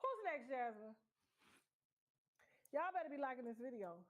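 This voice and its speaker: A woman's voice: high voice, lively intonation, normal speed, narrow, tinny audio. A woman streaming her reactions to celebrity clips, teasing and sassy, sometimes slipping into a sing-song chant. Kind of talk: playful reaction commentary.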